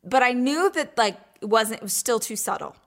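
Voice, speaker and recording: A woman hosting her own weekly show, telling a story in a chatty, animated way, full of "like" and acting out her own thoughts in whispers and squeals. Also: fairly high pitch, normal speed. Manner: chatty, lots of "like". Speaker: show host. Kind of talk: casual storytelling chat.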